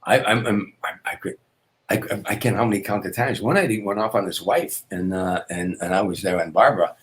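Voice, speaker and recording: An older man, a comedian, telling anecdotes in an interview, with repetitions and quick restarts. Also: low voice. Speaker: guest comedian. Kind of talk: storytelling interview.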